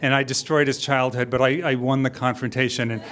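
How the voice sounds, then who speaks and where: A middle-aged man telling a true story live on stage, wry and halting, often chuckling as he goes. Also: medium pitch, level tone, very noisy.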